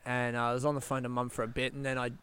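A man's voice: mid-range voice, flat delivery, fast, a bit bright, clean tone. A young man telling a long casual anecdote, rambling and swearing, laughing often. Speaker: storyteller.

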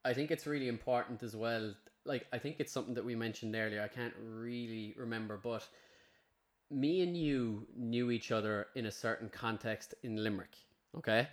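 A man's voice: medium pitch, normal speed. An Irish man hosting a podcast, telling stories animatedly and swearing freely. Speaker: podcast host. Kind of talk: casual chat.

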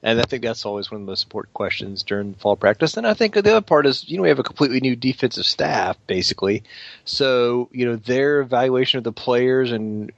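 A man's voice: medium pitch, lively intonation, gravelly, dry recording. Man on a dull, dry line. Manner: measured, hesitant, with many fillers. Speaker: podcast co-host. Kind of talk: casual sports chat.

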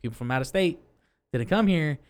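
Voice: mid-range voice, expressive, brisk. A podcast co-host from California ranting in a heated, profane way during casual chat.

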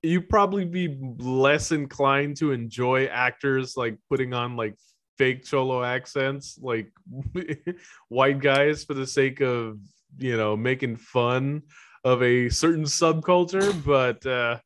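A man's voice: medium pitch, takes it slowly, fairly bright tone. A man co-hosting a casual movie review chat, rambling with lots of "like" and easy laughter. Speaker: podcast co-host.

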